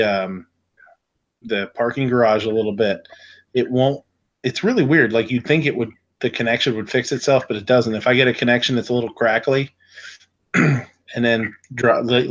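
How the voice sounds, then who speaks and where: A man's voice: medium pitch, lo-fi sound. A man hosting a livestream, reading chat and chatting casually in a rambling, self-interrupting way. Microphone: online call setup, on a computer.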